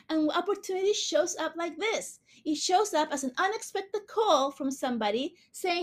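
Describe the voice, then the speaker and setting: A woman hosting a podcast, giving an earnest, gushing motivational talk on manifesting, speaking quickly. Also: extremely high pitch, a bit bright. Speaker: podcast host.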